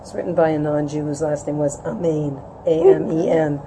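A woman's voice: steady tone, normal speed, background noise. A middle-aged woman giving an informal religious talk to a room, conversational and often asking "right?", acting out quoted voices. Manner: conversational, asks "right?" often, acts out quotes with rising pitch. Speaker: Jewish women's class teacher. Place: room with an audience.

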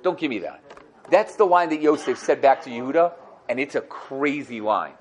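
A man's voice: medium pitch, normal speed. A man teaching a Torah lesson to a class. He acts out the quotes with a rising voice and asks questions of his students. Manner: animated, dramatizes quotes with a rising voice. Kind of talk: classroom lesson on the weekly portion.

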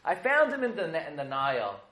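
A man's voice: fairly high pitch, huge pitch swings, brisk, bright, forceful tone, heavily acted. A man voicing Pharaoh's young daughter, coaxing and breezy, in a comic retelling. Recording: echoey room.

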